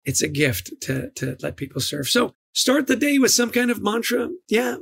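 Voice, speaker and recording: High, gravelly enthusiastic man. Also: sing-song, normal speed, fairly bright tone, dry recording. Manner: enthusiastic, storytelling, repeats words. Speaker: guest, leadership author. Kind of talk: podcast interview.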